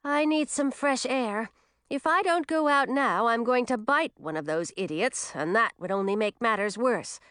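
A woman voicing a fierce, quick-tempered young woman who speaks heatedly. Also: on the high side, expressive, fairly bright tone, clear, resonant tone, dry recording, studio quality, voice pushed up. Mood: irritated.

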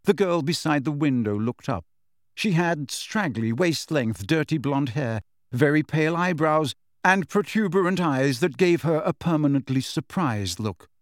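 A man reading a novel aloud as narrator, in a steady, measured storytelling manner. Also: fairly high pitch, no room sound, clean studio sound. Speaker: audiobook narrator. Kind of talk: scripted narration.

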